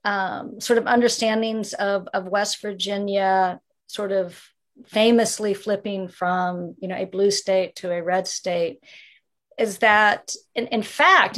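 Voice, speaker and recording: Female journalism teacher guest, slow deliberate delivery. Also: medium pitch. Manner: deliberate, hedging with "sort of". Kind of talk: conversational interview.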